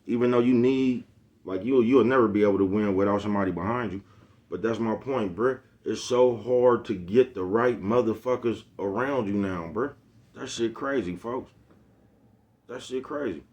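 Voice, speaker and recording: A man's voice: lowish voice, normal speed, darkish tone, muffled recording. A man in his forties, a YouTube host, giving a casual motivational monologue full of streetwise slang and repeated catchphrases. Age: 40s.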